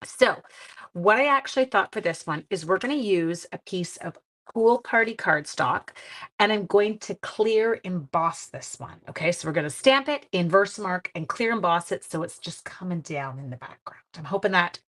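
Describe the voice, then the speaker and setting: A woman's voice: lowish voice, animated, moderate pace, fairly bright tone. A woman hosting a casual craft demonstration live stream, chatting with her viewers and reading their comments in a friendly, self-deprecating way.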